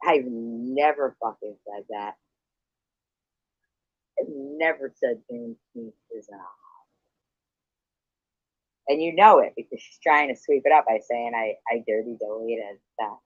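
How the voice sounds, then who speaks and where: A man's voice: medium pitch, unhurried, pauses often, no echo. A man in a heated livestream argument, hostile, profane and accusing. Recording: dull lo-fi stream audio.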